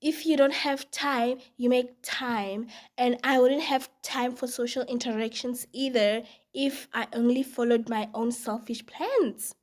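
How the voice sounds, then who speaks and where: A woman's voice: a little high, fairly even intonation, unhurried, hardly any pauses, darkish tone, natural voice. Woman voicing a pushy, lecturing guy.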